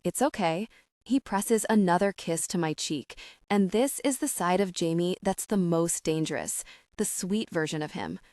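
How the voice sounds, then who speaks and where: A woman narrating a first-person romance audiobook in a soft, intimate way. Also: on the low side, lively intonation, normal speed, no room sound, clean studio sound.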